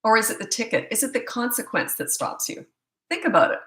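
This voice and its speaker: A woman's voice: fairly high pitch, big pitch swings, bright, forceful tone, roomy sound, poor audio. A middle-aged woman, a parenting coach, answering viewer questions on a live stream in a blunt, opinionated way. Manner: blunt and opinionated, quick asides.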